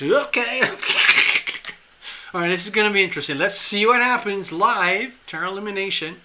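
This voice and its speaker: A man reading tarot live for a viewer, talking in a rambling, animated way with frequent restarts and chuckles. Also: sits high, moderate pace, slight background noise. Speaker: tarot reader hosting a live stream.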